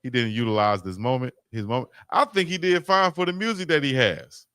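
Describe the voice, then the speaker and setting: A man hosting a live stream, chatting casually about sports with lively, playful arguing. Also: mid-range voice, a little fast, smooth, no echo, clean studio sound.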